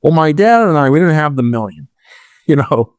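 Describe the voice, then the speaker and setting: This podcast guest, a middle-aged real estate investor, has a voice on the high side and talks at normal speed. He's an animated storyteller who acts out dialogue loudly and makes many restarts, recorded without echo.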